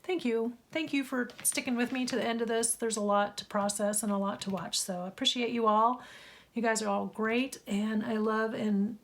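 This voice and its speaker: A woman hosting a craft journal vlog, speaking in an earnest, slow and heartfelt way and reading a scripture passage. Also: on the high side, fairly even intonation, a bit bright.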